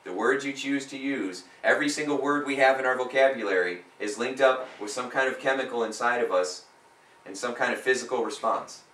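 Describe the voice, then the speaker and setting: A man's voice: medium pitch, fairly quick, fairly bright tone. A man working as a hypnotist, coaching a client live and pressing points home by repeating phrases with rising force. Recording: roomy sound from a distant mic.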